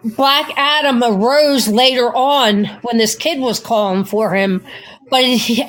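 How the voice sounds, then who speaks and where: A woman's voice: on the high side, slow, a bit bright. Rambling female radio caller. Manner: rambling, unsure. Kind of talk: casual call-in chat.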